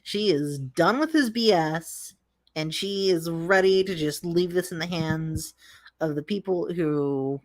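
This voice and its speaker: A woman hosting a casual video reaction chat, speaking in drawn-out, exasperated complaints. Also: lowish voice.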